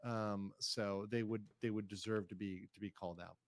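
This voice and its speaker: A man's voice: lowish voice, fairly even intonation, normal speed, no echo. A man hosting a stream, commenting on clips and reading chat aloud in a careful, hedging way. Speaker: streamer host. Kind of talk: casual commentary reacting to clips.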